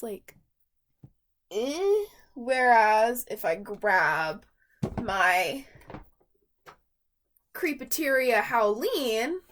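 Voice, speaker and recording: A woman's voice: mid-range voice, fairly bright tone. A woman reviewing a doll from her collection in a rambling, chatty vlog with lots of fillers and asides. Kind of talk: casual vlog chat.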